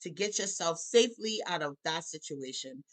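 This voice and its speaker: A woman's voice: fairly low pitch, lively intonation, moderate pace. A woman, a musician and life coach, speaking candidly as a guest and at times tearful as she tells of hard years. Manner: emotional, laughs through tears, acts out her own thoughts. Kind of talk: candid personal conversation.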